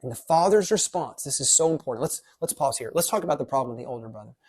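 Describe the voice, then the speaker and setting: A pastor giving a casual devotional teaching in a lively, conversational way, dropping quick asides. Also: medium pitch, husky.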